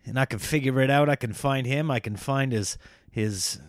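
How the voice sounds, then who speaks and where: Smooth-voiced man rambling on a podcast. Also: medium pitch, normal speed, no echo, studio quality. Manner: rambling, self-mocking, jokey. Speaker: comedian podcast host. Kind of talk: casual monologue.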